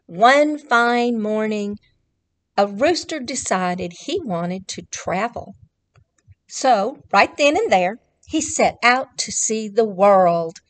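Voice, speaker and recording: A woman's voice: mid-range voice, animated, slow. A woman leading a children's story time, reading a picture book aloud, counting along and talking directly to the children. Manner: warm, sing-song, addresses children directly, counts along.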